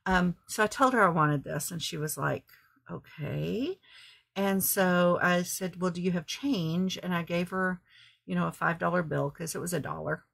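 Husky low-voiced woman showing off thrift finds. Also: normal speed, a bit bright. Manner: chatty, rambling, self-correcting. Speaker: craft vlogger. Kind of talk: casual show-and-tell haul.

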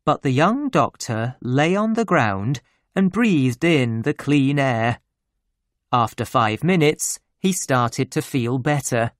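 A narrator reading a children's memoir story slowly and clearly for English learners. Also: mid-range voice, lively intonation, no echo, studio quality. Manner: slow, clear and deliberate. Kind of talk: slow graded-reader storytelling for English learners.

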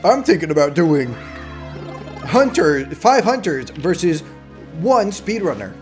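Playful man streaming games, fairly high voice. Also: big pitch swings, measured pace, a little mellow, faint music behind. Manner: playful mock begging and melodramatic whining. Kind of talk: casual live-stream gaming chat.

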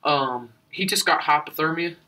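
A young man plays a bumbling local being stopped on the street for a mock news interview. He rambles and trips over his words, and his voice is bright and a little high. It sounds as if he is standing some distance from the mic. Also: normal speed. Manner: rambling, stumbling over words, breaking into laughs. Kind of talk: improvised comedy sketch.

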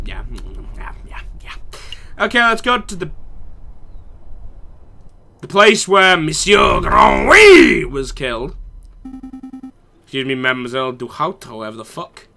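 A young university man, his voice a little high and sharp, plays a video game as a let's play gamer. He reads the dialogue aloud and mocks the characters with sarcastic, profane remarks.

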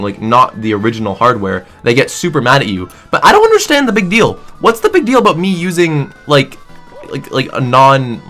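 A young man, a gaming streamer, ranting in a casual, jokey, exaggerated way, full of "like" and "dude". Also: mid-range voice. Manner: animated, exaggerated, jokey, many fillers like "like" and "dude". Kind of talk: casual comedic rant.

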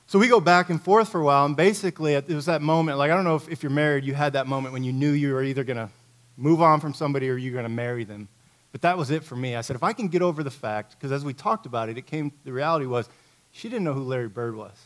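A middle-aged man from Indiana, a coach giving a talk at a church, telling a story in a lively, conversational, self-mocking way. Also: on the high side, racing. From Indiana, USA.

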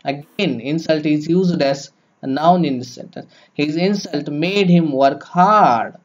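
Slow-spoken man teaching grammar. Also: on the high side, darkish tone. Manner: slow, repetitive, explaining step by step. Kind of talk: explaining grammar lesson. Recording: dull lo-fi recording.

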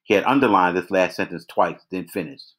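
A man reading a novel aloud at a measured pace, now and then restarting a phrase. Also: sits low, fairly bright tone. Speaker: reader. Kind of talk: read-aloud novel narration.

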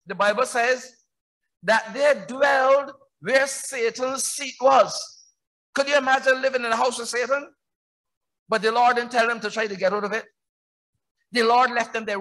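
A man with a Barbadian accent preaching a sermon as pastor. He preaches emphatically, firing rhetorical questions that build to shouts. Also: very high-pitched. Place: church.

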